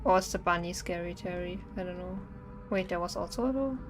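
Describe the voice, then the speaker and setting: A young woman streaming horror games, chatting nervously and singing to herself to stay calm. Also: on the low side, brisk, background noise. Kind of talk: live-stream gameplay commentary. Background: faint game music.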